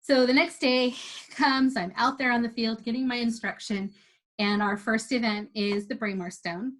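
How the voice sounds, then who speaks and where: A woman telling a lively, casual story about competing for the first time as an amateur athlete. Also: on the high side, normal speed. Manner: chatty, animated retelling with quoted dialogue.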